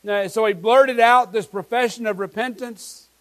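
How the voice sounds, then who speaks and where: Guy preaching a sermon, pretty high voice, earnest and emphatic, lots of questions to the crowd. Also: steady tone, normal speed, low-quality recording. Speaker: pastor.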